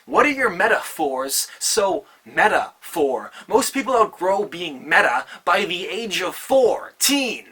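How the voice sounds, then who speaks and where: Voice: medium pitch, very animated, slow, few pauses, sharp tone, breathy edge. A rapper giving a comedic diss performance with a mocking, rhythmic rhyming delivery.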